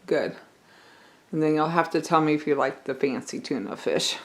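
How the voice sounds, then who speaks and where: A woman's voice: sits low, normal speed, low-quality recording. Chatty older homesteading woman. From Missouri. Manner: homely, chatty, talks to viewers as friends. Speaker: vlogger. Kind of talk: casual vlog chat to camera. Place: home kitchen. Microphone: handheld camera.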